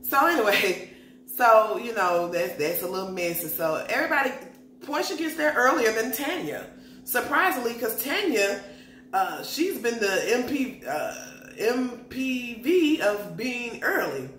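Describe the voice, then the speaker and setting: Lively woman with a bright voice. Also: fairly high pitch, measured pace, a little hiss or hum. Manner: animated, slangy, gossipy storytelling. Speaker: reality TV recap vlogger. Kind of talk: casual reality show recap. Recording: echoey room.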